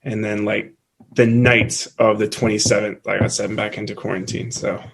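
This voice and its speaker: A man's voice: on the low side, flat delivery, moderate pace, gravelly, breathy edge. Laid-back young man chatting casually. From Canada. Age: young adult. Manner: laid-back, laughs often, lots of "like". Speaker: college basketball player, guest. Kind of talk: casual interview chat.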